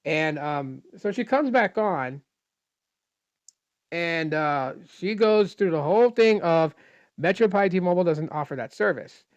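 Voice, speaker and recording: A man's voice: fairly high pitch, animated, a little slow, dry recording, muffled recording. A man telling a frustrated storytime rant about a customer service call, retelling the dialogue and explaining technical details at length. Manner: exasperated, retells dialogue in his own voice. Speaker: dissatisfied phone customer recounting a call. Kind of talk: casual ranting storytime.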